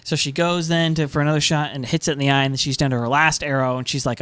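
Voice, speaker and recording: A man's voice: fairly high pitch, fast, hardly any pauses, fairly bright tone, dry recording. A man co-hosting a podcast in casual chat, talking emphatically with many filler words. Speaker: podcast co-host.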